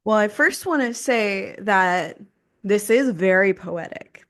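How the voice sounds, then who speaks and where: A woman in casual podcast chat who talks softly, searching for her words with many fillers. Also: medium pitch, animated, takes it slowly, dry recording, clean studio sound.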